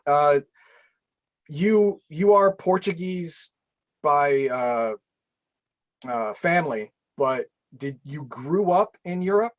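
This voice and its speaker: Man, podcast host, high voice, rambling with restarts, slightly muffled audio. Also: animated, slow pace, pauses often. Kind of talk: casual video-call chat.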